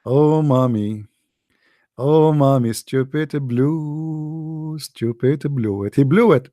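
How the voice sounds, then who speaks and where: A man's voice: on the high side, slow pace, mellow, no echo, studio quality. A man giving a scornful, emphatic commentary monologue in non-native English phrasing, repeating phrases and laughing often. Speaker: online religious debater.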